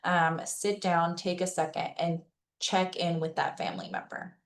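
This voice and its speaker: Woman presenter with a slightly low voice. Conversational and reassuring, like giving practical tips to a community webinar. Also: fairly even intonation, normal speed, creaky. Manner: conversational, checks in with listeners by asking "okay?" and "right?"; gives practical advice in a plain, reassuring way. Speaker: presenter at a senior-services webinar. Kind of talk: informal educational presentation.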